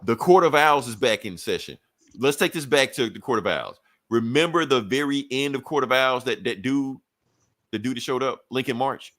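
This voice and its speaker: A man co-hosting a podcast, recapping a comic book in a rambling, profane way and slipping into quick voices for the characters. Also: mid-range voice, animated, fairly bright tone, no echo.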